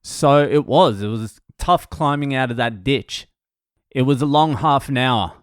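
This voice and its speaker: A man's voice: mid-range voice, measured pace, clean tone, no echo, studio quality. Blunt, foul-mouthed man telling stories. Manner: blunt, heavy swearing; wry, self-mocking. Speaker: stand-up comedian. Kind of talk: casual storytelling monologue.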